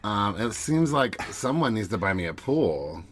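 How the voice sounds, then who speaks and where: A man's voice: lowish voice, sing-song, moderate pace. Chatty, teasing man podcast co-host. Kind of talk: casual chat. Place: small closet at home.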